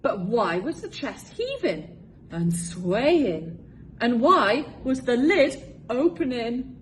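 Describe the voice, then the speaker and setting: A woman's voice: on the high side, slight background noise. A teacher, a woman, reading a children's storybook aloud with lots of expression. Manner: expressive, slow read-aloud.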